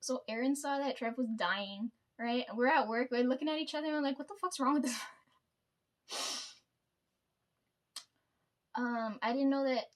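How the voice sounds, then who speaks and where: A young woman with a high voice chats to her camera at home in a casual vlog. Her throat is sore, and she tells her story with plenty of swearing and frequent laughter. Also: slow pace, pauses often. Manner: profane, laughs often, storytelling. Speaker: vlogger. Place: at home, sitting before camera.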